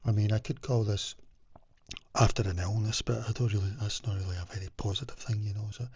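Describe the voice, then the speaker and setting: Husky low-voiced man, rambling advice. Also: steady tone, normal speed, long pauses, darkish tone, no room sound. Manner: rambling, with many fillers and restarts; drops into whispers now and then. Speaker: self-help vlogger. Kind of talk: casual rambling advice talk. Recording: dull lo-fi recording.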